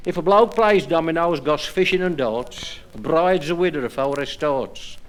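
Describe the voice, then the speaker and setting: Black Country comic, slightly high voice, dry dialect patter and rhymed verses, faint room ambience behind. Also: male voice, a little slow, a little hiss or hum. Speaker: stand-up comedian and monologue performer. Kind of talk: live stand-up jokes and rhyming monologues. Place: live club or pub stage with audience.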